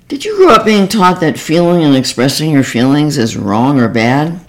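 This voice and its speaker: A woman hosting her own podcast, speaking as a therapist in a calm, reflective monologue. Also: rumbling low.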